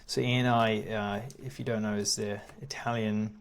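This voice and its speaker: A man walking through stock reports on screen as an investing educator, in a casual, halting way, often repeating words and chuckling now and then. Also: lowish voice, little pitch movement, creaky. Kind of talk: screen-share walkthrough.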